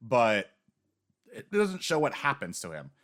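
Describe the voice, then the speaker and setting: A man casually discussing anime on a podcast, lively and laughing often. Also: mid-range voice, measured pace. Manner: animated, laughs often, acts out quotes.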